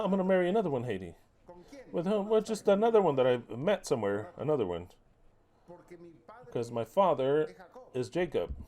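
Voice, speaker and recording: A man's voice: fairly high pitch, mellow. A man preaching a heated sermon, mocking and cursing as he fires off rhetorical questions. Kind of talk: impassioned sermon.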